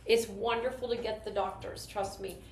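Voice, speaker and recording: Woman, mid-pitch, upbeat rambling storyteller, recorded in an echoey room with faint hiss. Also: steady tone, moderate pace. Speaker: network marketing team leader. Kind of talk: casual motivational talk. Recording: roomy echo with faint noise.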